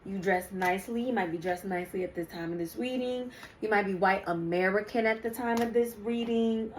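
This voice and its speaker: A woman's voice: mid-range voice, normal speed, few pauses, a little hiss or hum, poor audio. A young woman giving a casual spiritual card reading to her viewers, chatty and rambling with many ums and asides. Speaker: spiritual reader.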